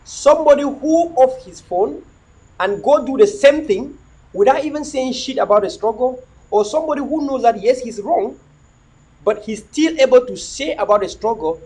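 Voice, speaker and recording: A middle-aged man holds forth on his livestream in a very high, husky voice. He preaches and repeats himself, firing off rhetorical questions in a lively, swinging delivery. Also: normal speed, low-quality recording. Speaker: livestream host. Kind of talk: impassioned livestream monologue.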